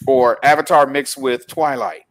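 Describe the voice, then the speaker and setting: A man's voice: medium pitch, fairly even intonation, a little slow. A man co-hosting a casual chat about films and shows, teasing and rambling through asides. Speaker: podcast co-host.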